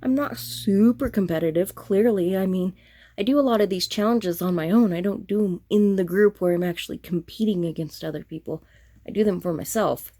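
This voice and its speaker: Flat, throaty woman vlogger. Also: mid-range voice, fairly quick, no echo. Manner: self-deprecating, apologetic, rambling. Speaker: cross-stitch vlogger. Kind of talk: casual show-and-tell chat.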